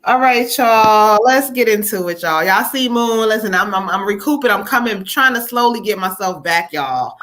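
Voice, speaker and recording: Chatty bright-voiced woman giving readings. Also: mid-range voice, animated, normal speed, hardly any pauses. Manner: chatty, laughs often, relays spirit messages. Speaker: psychic reader hosting a live stream. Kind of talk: live tarot reading.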